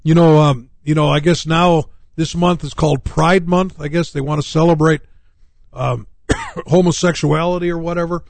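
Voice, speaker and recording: A man's voice: on the high side, fairly even intonation, normal speed, no echo. A middle-aged male pastor preaching on a radio talk show, rambling with many fillers and restarts.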